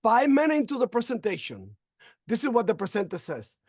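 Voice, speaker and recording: A man's voice: very high voice, wildly swooping pitch, a little fast, a little mellow, husky, no echo, studio quality. A man giving an emotional, faith-filled personal testimony, acting out conversations and stumbling over fillers as he tells his story. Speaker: member sharing a testimonial.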